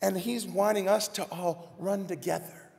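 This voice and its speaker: A man's voice: sits high, steady tone, normal speed, gravelly, a little mellow. A man preaching a sermon as minister, speaking earnestly and addressing the congregation directly, recorded in a church sanctuary. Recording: reverberant church live stream.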